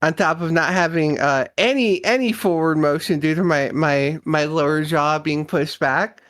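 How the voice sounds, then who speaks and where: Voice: mid-range voice, normal speed, fairly bright tone. Swearing, laughing stream guest. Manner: laughs often, swears freely, teasing. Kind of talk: casual banter.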